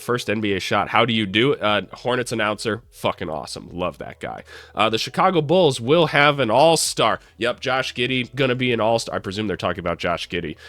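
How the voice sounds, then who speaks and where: A man who hosts a basketball channel, talking casually and jokingly about games in a hoarse, sick voice, cursing freely. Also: fairly low pitch, bright, forceful tone, dry recording. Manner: joking, profane, self-deprecating. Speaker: basketball commentary channel host. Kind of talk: casual sports commentary.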